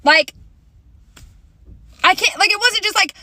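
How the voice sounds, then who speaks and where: A young woman tells a comic story from her own life with big swings between loud bursts and hushed asides. Her voice is high and bright, and the dry sound sits close to the mic. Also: animated, a little slow, pauses often, no room sound. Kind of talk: comic personal story to camera.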